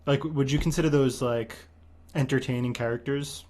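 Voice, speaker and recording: A man hosting a live stream, chatting in a deadpan, monotone way. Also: mid-range voice, moderate pace. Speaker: streamer host. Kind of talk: casual chat on a stream.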